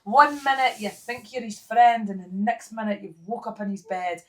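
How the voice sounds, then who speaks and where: A woman's voice: a little high, normal speed. A middle-aged Scottish woman talking in an interview, blunt and bawdy, laughing at her own jokes. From Scotland. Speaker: guest. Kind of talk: candid interview talk.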